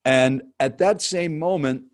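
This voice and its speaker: A man in his seventies, a professional speaker and guest, telling a story with dramatic pauses and speaking directly to the host. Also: fairly high pitch, no echo, clean studio sound. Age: 70s. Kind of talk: animated storytelling.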